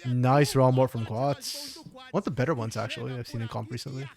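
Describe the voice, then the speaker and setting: A man's voice: mid-range voice, a little fast, gravelly, darkish tone. A man co-streaming an esports match, talking in a chatty, laid-back way and answering chat. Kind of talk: casual live-stream commentary.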